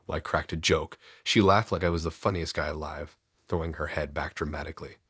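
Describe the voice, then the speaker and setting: A man narrating a first-person horror story in a low, measured, ominous storytelling voice. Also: fairly even intonation, fairly bright tone, breathy edge, no echo, clean studio sound.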